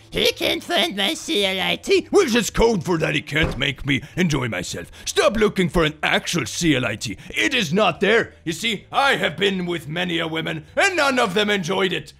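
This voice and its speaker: A man voicing a smug fake alpha-male dating guru, lecturing with mock confidence in a gravelly, husky voice. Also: sits high, fairly bright tone, pitched above the performer's own voice, heavily acted.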